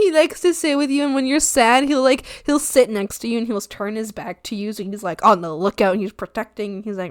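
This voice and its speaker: A woman's voice: a little high, normal speed, smooth, no room sound, studio quality. A young woman chatting casually on her art stream, gushing and giggly, sliding into baby talk. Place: home streaming setup.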